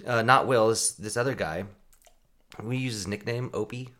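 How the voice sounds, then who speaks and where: A man's voice: fairly low pitch, moderate pace, fairly bright tone. A man in his thirties, a podcast co-host, telling a story in casual chat and laughing often.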